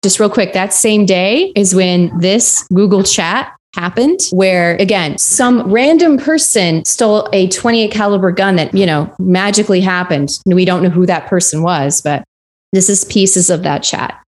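A woman's voice: mid-range voice, unhurried. A woman co-hosting a podcast, retelling a case in loose, irreverent chat and swearing freely. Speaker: podcast co-host. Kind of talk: casual true-crime chat.

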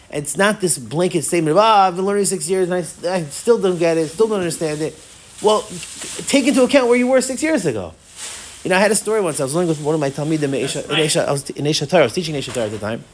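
Fast, lively rabbi teaching a class. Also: male voice, a little high, slight background noise. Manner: playful, self-mocking humor, repeats words while thinking aloud. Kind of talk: animated Torah lecture.

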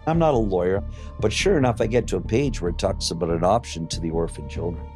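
A middle-aged man giving an emotional personal testimony as an interviewee, blunt and profane, halting often with fillers. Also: deep voice, darkish tone, soft background music.

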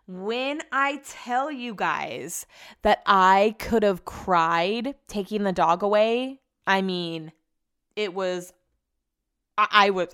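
A woman's voice: lowish voice, fairly bright tone, clean tone. A young woman podcast host telling a long personal story in a chatty, rambling way, full of filler words. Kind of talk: casual storytelling.

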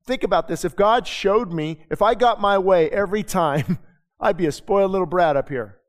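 A male pastor preaches in a loose, conversational way, tossing out rhetorical questions and quick asides. His voice sits a little high for a man. The sound carries a long reverb from a church sanctuary. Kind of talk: sermon.

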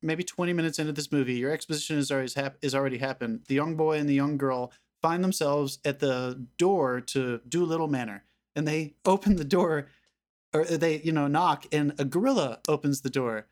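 A man's voice: fairly high pitch, a little fast, a little mellow. A man co-hosting a podcast, giving his film opinions in an emphatic, conversational way. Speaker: podcast co-host. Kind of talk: casual film discussion.

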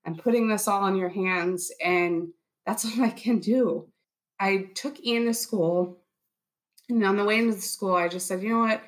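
A woman in her thirties telling her story in an interview, earnest and searching as she relives each moment. Her voice sits at a middle pitch, and she often slips into quoting what she said and thought. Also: normal speed. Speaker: interviewee, bereaved military spouse. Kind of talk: personal testimony.

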